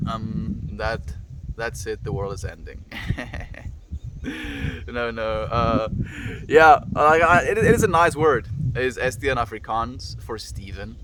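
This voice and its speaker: A man's voice: medium pitch, a little slow, very noisy. A young South African man on a casual livestream, reading chat aloud and answering viewers in an affectionate, reflective way. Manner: warm, affectionate, reflective, calls viewers "my friend".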